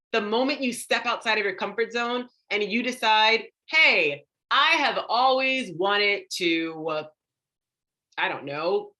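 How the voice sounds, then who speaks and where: Bright, animated woman coaching live. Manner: animated, acts out inner voices with big pitch jumps; drops soft and low on emotional words. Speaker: confidence coach. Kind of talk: live motivational talk to an online audience.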